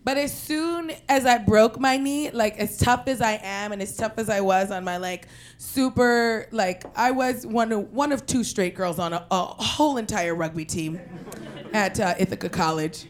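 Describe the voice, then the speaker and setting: A young woman from Queens telling a personal story in an animated, profane way, breaking into loud shouted quotes. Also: medium pitch, moderate pace. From Queens, New York.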